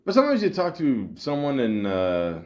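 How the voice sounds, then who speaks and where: This forty-something podcast host rambles casually and profanely, using lots of fillers and poking fun at himself. His medium-pitched, slightly mellow voice swoops wildly up and down at a moderate pace.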